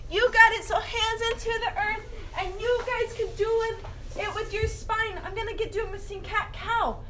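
A woman leading a children's yoga class, cueing in a playful, excited way full of exclamations. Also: very high voice, normal speed, distant mic, a little hiss or hum. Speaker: kids yoga teacher. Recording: roomy room with guitar music.

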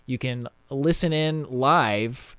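A young man hosting a casual podcast chat, animated and quick to laugh. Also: medium pitch, smooth, no room sound. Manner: animated, laughs often, wraps up the show. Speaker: podcast host.

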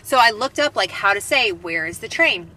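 A woman's voice: medium pitch, expressive, normal speed, background noise. A woman co-hosting a podcast, chatting casually and rambling through a story. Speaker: podcast co-host. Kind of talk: casual chat.

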